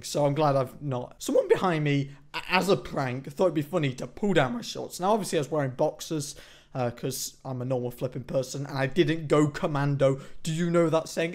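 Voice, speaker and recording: A teenage man telling a rambling, jokey story to camera in a casual vlog, often mocking himself. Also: on the high side. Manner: rambling, joking, self-mocking, excitable. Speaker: vlogger.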